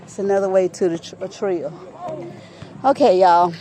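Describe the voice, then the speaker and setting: A woman's voice: mid-range voice, moderate pace, dark tone, slight background noise. Breathless woman vlogging on a trail. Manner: chatty, keeps addressing viewers as y'all. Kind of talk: casual walking vlog. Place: outdoors on a nature trail.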